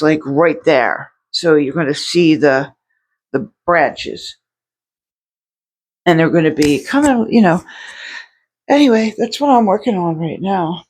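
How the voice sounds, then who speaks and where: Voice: medium pitch, husky. Rambling artist vlogging from a home studio. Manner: rambling, self-interrupting, lots of restarts and fillers. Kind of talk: casual vlog talk. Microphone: separate microphone.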